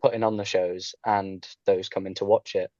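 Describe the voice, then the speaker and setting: A man's voice: sits low, flat delivery, moderate pace, mellow, no echo, dull audio. A young man, a drama student, telling his story casually in an interview, chatty and full of fillers, joining online. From Coventry, England. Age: young adult. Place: online call.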